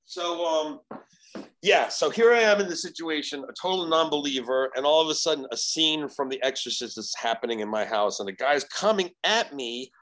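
Animated, profane male storyteller. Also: fairly high pitch, normal speed, low-quality recording. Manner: animated, profane, acts out quoted voices. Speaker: podcast guest. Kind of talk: casual storytelling.

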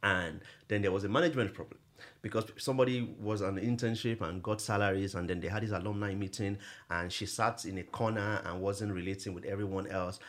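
A middle-aged man, a guest in a podcast interview, telling stories in an animated way and laughing often. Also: on the low side, fast. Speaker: guest, nonprofit executive director.

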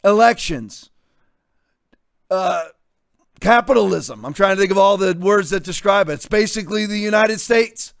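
High-voiced sarcastic man ranting. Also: lively intonation, moderate pace, creaky, long pauses, dry recording, clean studio sound. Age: 50s. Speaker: talk show host. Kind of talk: opinionated commentary.

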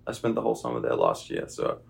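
A young Australian man talking loosely into a podcast mic, his voice heavy with gravelly fry and a husky edge. His pitch swings widely as he rambles through answers with lots of fillers. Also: quick pace. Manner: relaxed, rambling with many fillers. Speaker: guest, baseball player. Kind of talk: casual interview chat. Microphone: podcast microphone.

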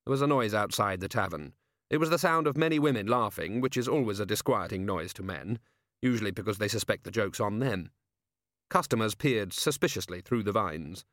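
A man's voice: lowish voice, lively intonation, a little fast, a bit bright, no room sound. Man reading a comic novel, dry. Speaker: audiobook narrator. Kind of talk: scripted narration.

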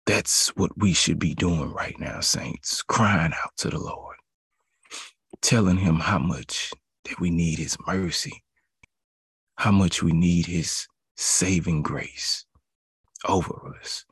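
Husky, gravelly-voiced male preacher. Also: deep voice, slow pace, a bit bright, no echo, studio quality. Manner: emphatic, repetitive preaching cadence. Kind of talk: devotional sermon.

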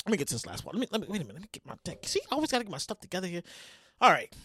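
A woman around forty hosting a podcast with animated solo commentary, loud and excitable, often yelling and swearing. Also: lowish voice, racing, husky. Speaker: podcast host.

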